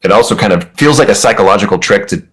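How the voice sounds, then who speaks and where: A man talking as a podcast guest, candid and self-deprecating, speaking in quick bursts. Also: on the low side, animated, a bit bright, poor audio. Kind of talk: casual conversation.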